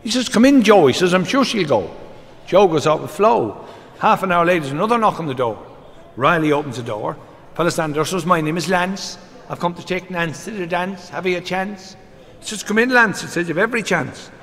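An Irish man, a comedian, doing live stand-up, briskly rattling off short jokes as quick back-and-forth exchanges. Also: high voice, lively intonation, a bit bright. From Ireland. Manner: brisk storyteller, rattles off quoted exchanges with repeated "he says". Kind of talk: live stand-up joke telling. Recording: reverberant venue with background noise.

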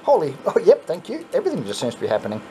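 An Australian man hosting a coin pusher channel, chatting casually and swearing when excited as he plays. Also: a little high, very fast, noisy background. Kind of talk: casual commentary while playing. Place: arcade coin pusher machine.

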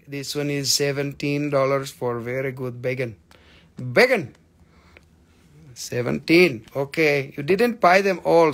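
A man's voice: mid-range voice, measured pace, vocal fry, a bit bright. A man hosting a live online sale of crystals, joking, swearing and bantering with viewers as he prices each stone. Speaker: live-stream seller of crystals and minerals. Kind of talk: live online sales stream.

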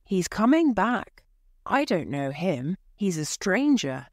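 A woman's voice: mid-range voice, very animated, slow, no echo, clean studio sound. A woman voicing an anxious old mother in a storybook reading for learners, with a plain, careful reading voice. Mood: excited.

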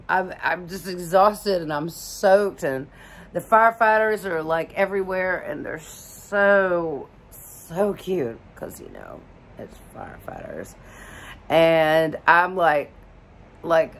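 A woman's voice: sits low, lively intonation, takes it slowly. A middle-aged woman from Alabama telling a story casually, rambling with lots of fillers and laughs. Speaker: vlogger.

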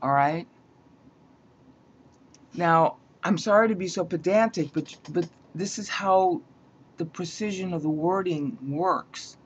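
Woman Bible teacher, slow and pedantic, repeats herself to drive points home, muffled lo-fi audio. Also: lowish voice, breathy edge. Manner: pedantic, repeats points, checks in with "all right?". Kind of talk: slow explanatory lecture. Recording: dull lo-fi sound.

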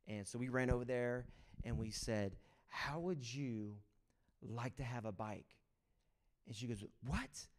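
A man's voice: medium pitch, unhurried. Man preaching a casual, story-filled sermon. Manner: casual storytelling with excited acted-out quotes. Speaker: pastor. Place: church sanctuary.

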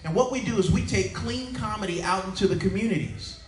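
A man's voice: high voice, brisk, faint music behind. A middle-aged man performing a clean stand-up comedy set at a conference, doing playful crowd work and acting out voices. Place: conference hall with a live audience. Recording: echoey hall, voice from far off, crowd audible.

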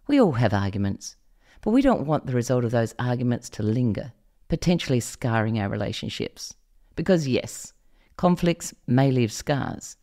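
Lively middle-aged woman hosting a podcast. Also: a bass voice. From Australia. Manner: expressive, questions the listener directly. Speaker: podcast host. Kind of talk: scripted podcast monologue.

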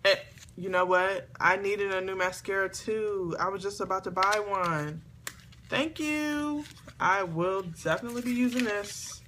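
A woman chatting excitedly to camera as she opens gifts, talking to her viewers at home. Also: medium pitch, moderate pace, slight background noise. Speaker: beauty vlogger. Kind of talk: casual unboxing chat to camera. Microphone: camera on a tripod.

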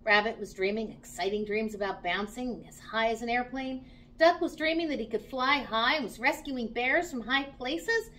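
Brief: bright, high-voiced woman storyteller, very lively reading for kids. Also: moderate pace, a little hiss or hum. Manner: animated and expressive. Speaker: children's storyteller. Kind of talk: story read aloud for children.

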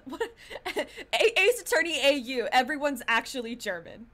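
A woman's voice: high voice, sing-song, normal speed, pushed and bright. A young adult woman streaming a visual novel, playfully chatting and reading its lines aloud. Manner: playful, giggly, chatty commentary.

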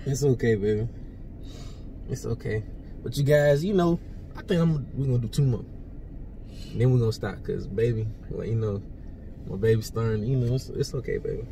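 A young man co-hosting a casual reaction video, talking softly and soothingly. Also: medium pitch, normal speed, gravelly, pauses often, slight background noise, low-quality recording. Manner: soft, soothing, repeatedly comforting. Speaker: reaction channel co-host.

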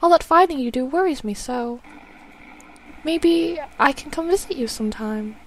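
A woman's voice: sits high, lively intonation, moderate pace, voice pushed up. A woman voicing a frail, confused elderly mother in a game, fretful and quavering. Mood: doting. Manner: quavering, fretful, then panicked shrieking.

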